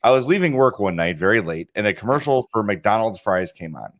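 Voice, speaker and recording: His voice is lowish and fairly bright, swinging widely in pitch as he talks briskly. He's a podcast co-host chatting casually and rambling through stories, recorded in a studio with video cameras.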